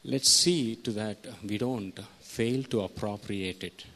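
A man's voice: on the low side, slow pace, a bit bright. A man preaching a sermon, teaching verse by verse and putting questions to his listeners. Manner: teaching, asks the congregation questions.

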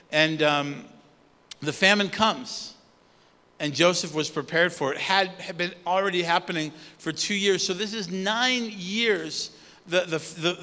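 A man preaches in a loose, conversational way, pausing on fillers and restarting his sentences. His voice sits high and sounds bright and forceful. A long reverb trails each phrase, as if he is in a large hall. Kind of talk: sermon.

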